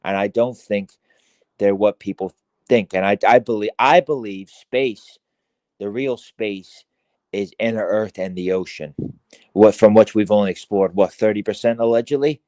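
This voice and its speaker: An Irish man talking as a podcast guest in casual chat, rambling with heavy swearing, halting restarts and fillers. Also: lowish voice, darkish tone, no room sound.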